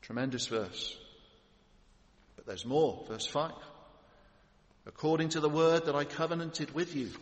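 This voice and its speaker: Guy preaching a sermon, kinda high voice, gets big and emphatic, echoey church. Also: measured pace, long pauses. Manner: rising to emphatic, building lists of titles. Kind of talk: expository sermon. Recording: echoey hall with long reverb.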